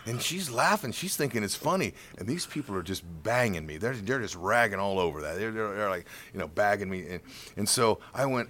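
A middle-aged man, a baseball color commentator, telling a story in an interview. He is animated, acts out the quotes and repeats words when excited. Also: lowish voice, a little fast.

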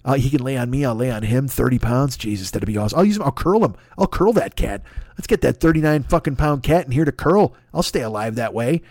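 A man's voice: mid-range voice, expressive, quick pace, a little mellow, dry recording, studio quality. A man hosting a comedy podcast, riffing through a profane, rambling monologue and sliding into silly voices. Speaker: podcast host.

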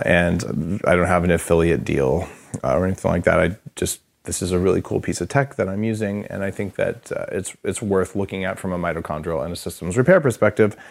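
A male podcast host with a somewhat low voice chats in a loose, casual way, full of fillers and restarts. He sounds keen as he walks through his health gear. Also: vocal fry. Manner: relaxed, filler-heavy, enthusiastic about gadgets. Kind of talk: casual interview and studio walkthrough.

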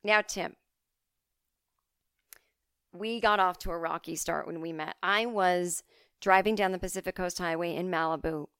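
A woman hosting a podcast, rambling through an absurd comic story in a deadpan way, recorded close on a studio mic. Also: on the low side, smooth, no echo. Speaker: podcast host and comedian.

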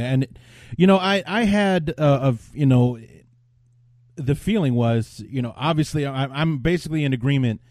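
A man's voice: medium pitch, mellow, dry recording, clean studio sound. A man hosting a sports podcast, talking in a rambling, blunt way with frequent restarts. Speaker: podcast host. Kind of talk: casual sports podcast chat.

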